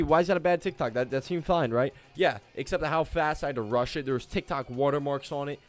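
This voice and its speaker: A man's voice: mid-range voice, a little fast, hardly any pauses, no echo, soft background music. A young man chatting casually with viewers on a live stream about trading and his weekend, joking and talking straight to them. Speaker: livestreaming day trader.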